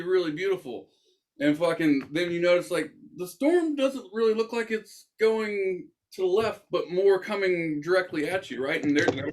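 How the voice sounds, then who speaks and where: A young man hosting a casual podcast, telling a story with lots of swearing and acted-out quotes. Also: a little high. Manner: animated, swears, acts out quoted voices. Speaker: podcast host.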